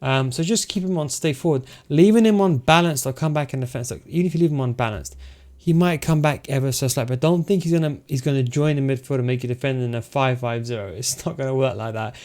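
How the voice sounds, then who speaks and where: A man's voice: mid-range voice, quick pace, a little mellow. A man losing his voice, explaining game tactics step by step in a casual spoken tutorial and talking straight to his viewers. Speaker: video game tactics coach.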